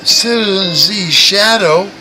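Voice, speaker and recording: Over background music, a livestream host rants and mocks in crude, profane language, frequently stammering and restarting his sentences. His voice is high and his pace slow, captured in a rough recording.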